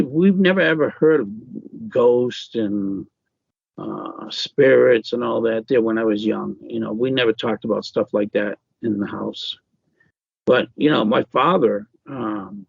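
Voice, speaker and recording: Guy w a gravelly husky voice, lots of uhs and restarts, kinda dull lo-fi sound. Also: fairly low pitch, no room sound. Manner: halting, many fillers and restarts. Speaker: author guest. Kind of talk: casual interview.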